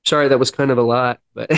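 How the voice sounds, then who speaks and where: A man guest on a podcast, earnestly telling a personal story and acting out dialogue, with halting restarts. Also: mid-range voice, fairly even intonation, a bit bright, dry recording. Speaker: podcast guest, musician in recovery. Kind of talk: personal storytelling in a sit-down interview.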